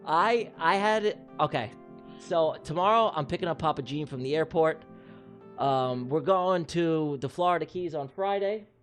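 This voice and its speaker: Excitable rambling livestream host, a man. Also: a little high, moderate pace, faint music behind. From New York. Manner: excitable, rambling, repeats himself. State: out of breath. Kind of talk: livestream chat and race commentary.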